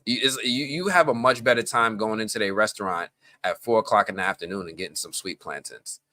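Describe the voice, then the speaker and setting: A man's voice: lowish voice, a little fast, dry recording. A man from the Bronx hosting a live stream, chatting casually and rambling off on tangents. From the Bronx, New York. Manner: animated, rambling, goes off on tangents.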